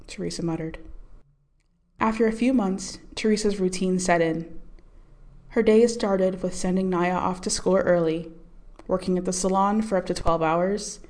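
A woman reads a story aloud with calm, measured pacing. Her voice sits a little low for a woman, and she tells the story steadily. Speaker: narrator. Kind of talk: scripted audiobook narration.

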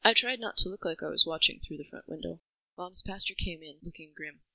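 A woman reading a first-person story in an even, reflective way, close to the mic. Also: fairly low pitch, a little fast, gravelly, no room sound, poor audio. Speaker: narrator.

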